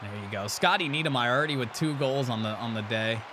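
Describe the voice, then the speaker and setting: A young man giving loud, excited commentary while playing a hockey video game, trash-talking and cheering. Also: mid-range voice, fast talker, background noise. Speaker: gaming channel host.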